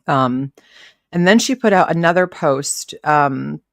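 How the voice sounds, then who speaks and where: Low-voiced woman rambling on a live stream, chatty, talking to her chat, dry close mic. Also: slow pace, dry recording. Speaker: livestream host reacting to commentary.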